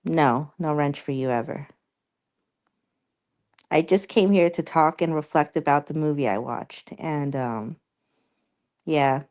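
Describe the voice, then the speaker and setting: A young woman streamer chatting casually with her viewers, rambling and halting with many fillers and restarts. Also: low-pitched, darkish tone.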